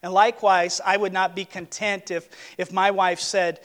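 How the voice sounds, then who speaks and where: A man's voice: sits high, level tone, moderate pace, a bit bright, in a large hall. A man preaching a sermon in a church, earnest and emphatic, repeating his key words. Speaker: pastor. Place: church sanctuary, on a platform.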